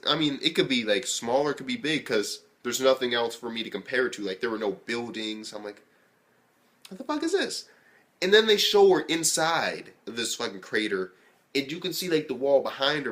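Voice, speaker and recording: Excitable, foul-mouthed young man reviewing anime. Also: mid-range voice. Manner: excitable, profane, rambling with lots of fillers. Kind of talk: casual video review.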